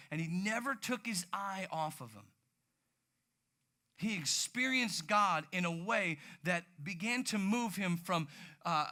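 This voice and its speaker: A man preaching a sermon, animated, moving from hushed low passages to loud near-shouted ones. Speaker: pastor.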